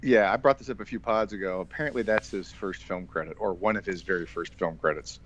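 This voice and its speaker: A man's voice: deep voice, quick pace, dull audio, slight background noise. A man hosting a casual movie podcast, joking around and tripping over his words now and then. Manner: jokey, stumbles and repeats words. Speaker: podcast host.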